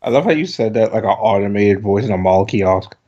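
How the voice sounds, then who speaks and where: A man's voice: on the low side, lively intonation, brisk, a crowd in the background. Joking male co-host, dull lo-fi sound. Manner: joking, crude asides. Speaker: podcast co-host. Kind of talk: casual news chat. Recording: dull lo-fi audio.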